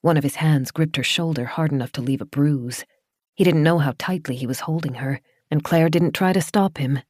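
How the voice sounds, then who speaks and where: A woman narrating a horror audiobook in a steady, measured storytelling voice into a studio microphone. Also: low-pitched, no echo.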